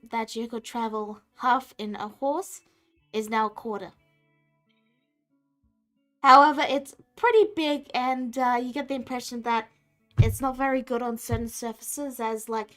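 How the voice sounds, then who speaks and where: A woman's voice: on the high side, a bit bright. A woman running a tabletop game as dungeon master, describing scenes in a playful, rambling way.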